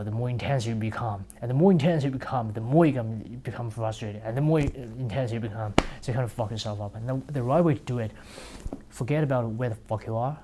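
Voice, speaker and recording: Male speaker, casual motivational talk; blunt and profane, acts out scenes, warm mellow timbre. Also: mid-range voice, slight background noise.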